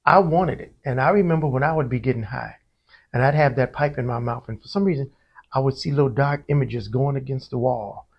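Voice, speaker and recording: Gravelly man telling his testimony. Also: medium pitch, a little fast, highs cut off. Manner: storytelling, acts out quoted voices. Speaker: interview guest, church musician. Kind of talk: conversational testimony.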